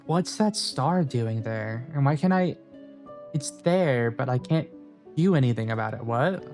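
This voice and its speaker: A man streaming a game, musing aloud to his chat and reading the story text out loud. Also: medium pitch, animated, a little slow, faint music behind. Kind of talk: game let's play with read-aloud text.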